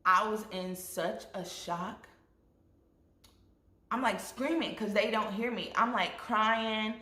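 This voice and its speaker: A young woman vlogger telling a storytime with lively asides to her viewers, acting out what people said. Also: mid-range voice, slow pace. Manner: animated, addresses viewers as y'all, acts out quotes. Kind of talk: storytime vlog. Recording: echoey room.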